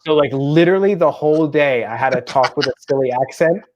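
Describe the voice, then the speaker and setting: A man in his thirties co-hosting a casual chat show, telling animated family stories and slipping into quick impressions. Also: on the high side, highs cut off. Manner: chatty, animated storytelling with voiced impressions. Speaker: podcast co-host.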